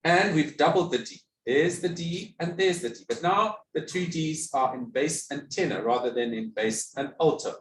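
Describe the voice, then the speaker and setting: A man's voice: a little high, normal speed, few pauses, slight background noise. A man giving a music theory lecture, patiently asking questions and answering them himself. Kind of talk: classroom lecture. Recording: echoey room, mic at a distance.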